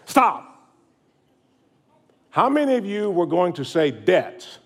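Middle-aged male pastor with a drawl; warm-humored, conversational sermon to a church crowd. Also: high voice, big pitch swings, normal speed. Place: church sanctuary.

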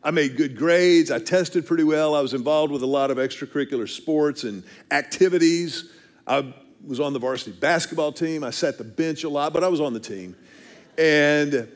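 A man, preaching a storytelling sermon with earnest, self-deprecating humor and frequent restarts. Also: on the high side. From Texas, USA. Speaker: pastor.

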